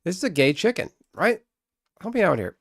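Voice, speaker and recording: A man streaming a card game live, chatting casually with viewers, excitable and swearing freely. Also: high-pitched, brisk, dry recording, studio quality.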